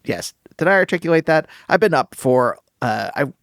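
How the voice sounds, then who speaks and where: Halting, sleep-starved man host, dry sound. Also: fairly high pitch, animated, a bit bright, no room sound. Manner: halting, searching for words. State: short on sleep. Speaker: podcast host. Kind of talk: casual interview chat.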